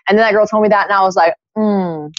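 Animated young woman telling a story. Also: medium pitch, very fast, dry recording, lo-fi sound. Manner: animated, acts out quotes in other voices. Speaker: podcast guest. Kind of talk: casual storytelling chat.

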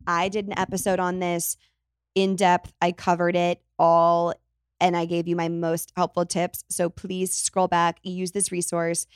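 A woman's voice: lowish voice, monotone, unhurried, smooth, no room sound, clean studio sound. A young woman in her twenties hosting a casual solo podcast, chatty and rambling, often correcting herself mid-sentence. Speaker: podcast host.

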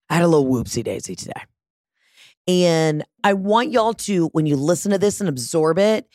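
Woman, lower voice, dry close sound, dramatic profane storyteller acting out both sides. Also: a little mellow, dry recording. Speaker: vlogger. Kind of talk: casual storytime monologue.

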